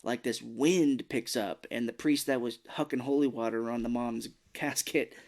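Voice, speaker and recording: Co-host, male, casual recap voice, throws in brief character impressions, mid pitch. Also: fairly even intonation, darkish tone. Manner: retells plot with quick put-on voices for characters. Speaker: podcast co-host. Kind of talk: casual film recap chat.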